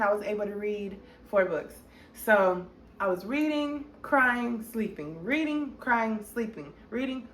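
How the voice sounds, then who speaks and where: Young woman, lively storytime vlogger, slightly high voice, roomy echo. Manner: animated and expressive, many "like" fillers. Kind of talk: storytime narration. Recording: echoey room with faint noise.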